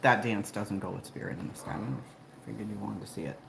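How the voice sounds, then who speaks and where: A woman hosting a casual livestream from home, chatting with viewers and laughing often, then coaxing her dogs inside in a high voice. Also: a little fast, vocal fry. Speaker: livestream host. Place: at home, indoors. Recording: very echoey room with background noise.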